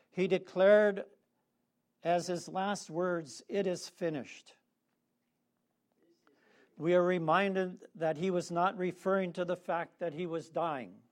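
A man preaching a sermon, leading the congregation in call-and-response with slow, emphatic phrasing. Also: sits high.

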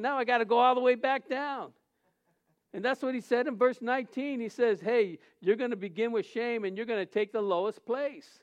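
High-voiced male pastor telling a story. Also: muffled recording. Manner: storytelling, acts out dialogue, laughs often. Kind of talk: sermon with personal story.

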